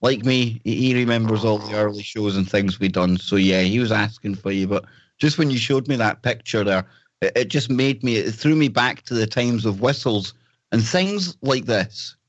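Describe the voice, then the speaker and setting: A man's voice: lowish voice, moderate pace, no echo, lo-fi sound. A man from the north of Scotland with a Scottish accent, hosting a podcast in a joking, rambling chat. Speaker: host.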